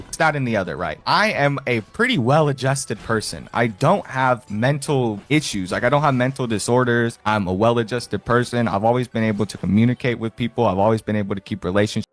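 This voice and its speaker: A man's voice: medium pitch, lively intonation, brisk, hardly any pauses, a bit bright. A man in a played clip, speaking defensively and justifying himself.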